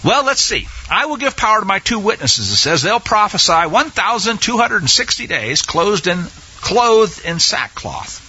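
Animated musing male Bible teacher. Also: sits high, normal speed, few pauses, breathy edge. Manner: musing, asks himself questions aloud. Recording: dull lo-fi sound.

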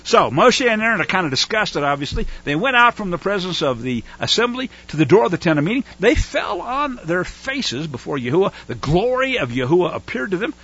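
A man giving a casual, animated Bible study and teaching through a Torah portion. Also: high voice, fairly quick, few pauses, slightly rough, highs cut off. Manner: animated, acts out whining voices.

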